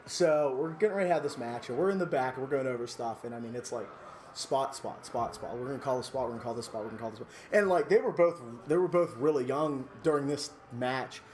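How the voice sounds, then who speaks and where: A man's voice: medium pitch, quick pace, darkish tone. Chatty man telling a wrestling story. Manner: laughs often mid-story, lots of fillers. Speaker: podcast co-host. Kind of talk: casual storytelling.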